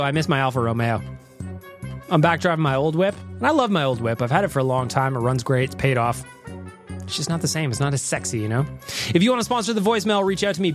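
A man hosting a casual podcast, chatty and rambling, joking as he plays listener voicemails. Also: on the high side. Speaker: podcast host. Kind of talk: casual chat.

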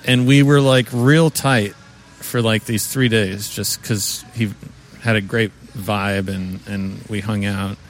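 A man's voice: lowish voice, steady tone, slow pace. A man co-hosting a podcast, telling a story in laid-back casual chat with crude asides. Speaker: podcast co-host.

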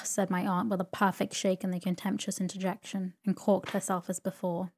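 Woman narrator, sleep story reading, calm, slow, soothing. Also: mid-range voice.

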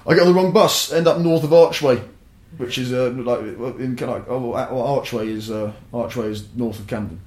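A man's voice: medium pitch, normal speed, hardly any pauses. Sweary young man telling a story. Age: young adult. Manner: sweary, rambling, animated. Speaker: podcast guest. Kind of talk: casual storytelling. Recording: roomy echo.

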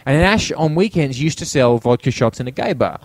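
A man's voice: medium pitch, lively intonation, fairly quick, no room sound. An Australian man co-hosting a podcast, telling anecdotes in casual chat, laughing often and acting out his friends' lines. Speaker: podcast co-host.

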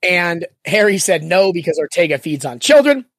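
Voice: mid-range voice, sing-song, moderate pace, no echo, clean studio sound. A podcast host chatting casually in a rambling, jokey way while recapping the story so far. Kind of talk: casual chat.

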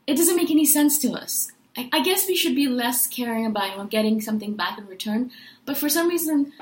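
Woman ranting earnestly to her viewers, kinda high voice, roomy echo. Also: lively intonation, fairly quick. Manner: earnest, venting, rhetorical questions. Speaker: personality-type video host. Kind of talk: casual monologue to camera.

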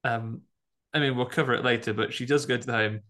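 A man co-hosting a podcast in casual chat, animated and jokey, with high outbursts. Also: fast. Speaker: podcast co-host.

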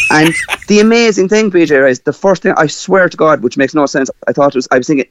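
A man from Ireland with a Cork accent, a guest telling a personal story in a lively way with many fillers. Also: fairly high pitch, fairly quick, highs cut off. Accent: Cork Irish.

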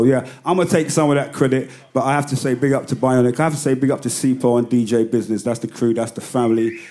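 A man in his fifties with a London accent, chatting as an interview guest. His mid-range voice stays lively as he tells stories, swearing freely and breaking into laughs. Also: medium pitch. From London, England. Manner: animated storyteller, swears freely, laughs often. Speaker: rapper guest. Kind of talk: casual interview chat.

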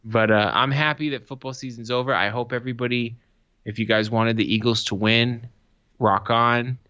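A man in his thirties co-hosts a podcast in a bright, forceful voice, swearing freely and acting out other people's lines as he tells stories. The recording is dry and a little dull. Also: mid-range voice, normal speed, smooth, dry recording. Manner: profane, animated storytelling with acted-out quotes. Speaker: podcast co-host. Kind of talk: casual chat.

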